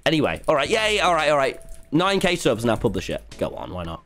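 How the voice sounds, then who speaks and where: A man's voice: on the high side, wildly swooping pitch, a little fast, a bit bright. A young man rattles off cheeky, chaotic gaming commentary. His voice jumps up and down a lot, and he swears casually. Faint music plays underneath. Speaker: streamer.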